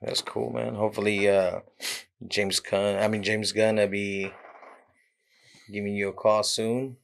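Man, podcast host, low gravelly voice, casual friendly chat. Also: little pitch movement, unhurried. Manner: friendly, says "man" a lot, short affirmations.

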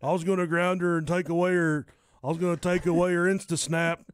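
A man voicing a crude, bigoted southern man in a work break room, with a put-on American Southern accent and loud, angry ranting. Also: high-pitched, flat delivery, fairly quick, clean tone, no room sound, clean studio sound, pitched above the performer's own voice, close to an everyday voice.

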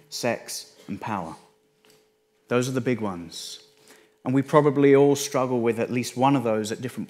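English man preaching conversationally. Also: mid-range voice. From England. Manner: conversational, restarts phrases, dips quiet for emphasis. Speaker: pastor. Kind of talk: sermon.

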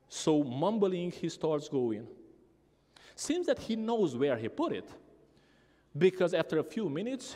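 A man's voice: high-pitched, sing-song, unhurried, dark tone. A man preaching a sermon as pastor, telling a story animatedly and acting out the voices of a child and his mother. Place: church sanctuary. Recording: long church reverb.

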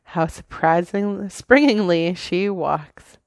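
Lady reading aloud as a quiet shy old man from a storybook, soft and gentle, kinda low, slow. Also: no echo.

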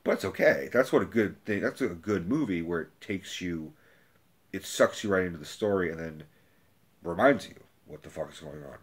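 A young man giving a rambling, profane movie review rant, casual and animated. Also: low-pitched, normal speed, husky.

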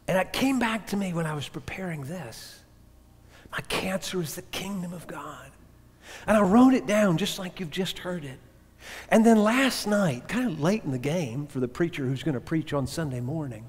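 A male pastor preaching a sermon, telling a story earnestly, with sudden emphatic rises and hushed drops. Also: fairly high pitch, husky. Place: church. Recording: echoey church hall reverb.

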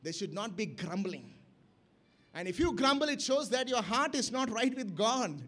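Male preacher, very high voice, emphatic and questioning, surges in volume on key words. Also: very animated, normal speed. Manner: emphatic, with rising and falling bursts of loudness; asks the congregation questions. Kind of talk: sermon. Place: church camp gathering.

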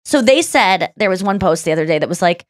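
A woman's voice: fairly low pitch, animated, quick pace, no echo, clean studio sound. A woman hosting a podcast in casual chat, gushing and chatty with lots of fillers and restarts. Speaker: podcast host.

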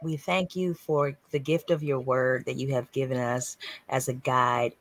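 A woman's voice: extremely low pitch, fairly even intonation, unhurried, dry recording. A woman comedian leading a spoken prayer in an earnest way. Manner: bubbly, then earnest in prayer. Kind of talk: casual chat and spoken prayer.

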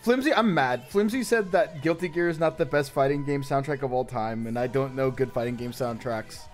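A man chatting casually on a livestream, excitable and profane, laughing often. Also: mid-range voice, fairly quick, faint music behind. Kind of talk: casual stream chat.

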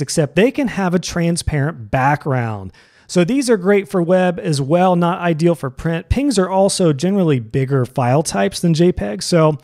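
A man's voice: on the high side, a little mellow. A man teaching web design in a conversational, upbeat tutorial style, opening each new point with emphasis. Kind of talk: explanatory tutorial.

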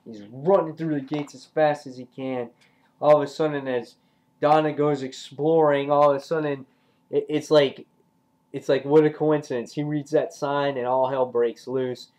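A man's voice: on the high side, steady tone, normal speed, darkish tone. A young man giving a casual, rambling comic book review, swearing freely.

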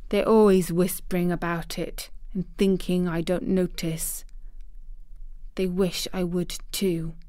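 A woman voicing a sickly, resentful bedridden boy in a storybook reading, speaking slowly and crossly. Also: lowish voice, flat delivery, mellow, dry recording, clean studio sound. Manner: cross, restless, gloomy.

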